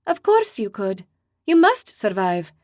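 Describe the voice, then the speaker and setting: A woman voicing a gentle, kind young woman of a fantasy race, imprisoned but hopeful, in an audiobook. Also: medium pitch, very animated, unhurried, dry recording, studio quality. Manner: gentle, gracious.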